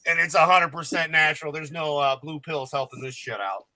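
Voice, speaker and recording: A man's voice: on the high side, fairly quick, a crowd in the background, low-quality recording. A man telling jokey, rambling, profane stories as a guest on a podcast panel. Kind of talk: casual storytelling chat.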